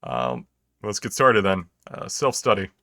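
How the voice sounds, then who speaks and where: A man's voice: low-pitched, big pitch swings, a little slow, bright, forceful tone, no room sound, studio quality, heavily acted. A man voicing a laid-back, pipe-smoking male illusion teacher who lectures his class in a languid way. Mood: lecturing. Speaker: teacher character.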